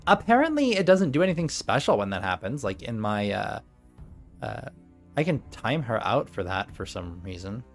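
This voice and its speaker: Young male game master streaming, put-on valley girl voice, very lively pitch, faint music under him. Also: moderate pace. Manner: joking, swearing, laughing often, in a put-on valley girl voice. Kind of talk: running a tabletop game on a live stream.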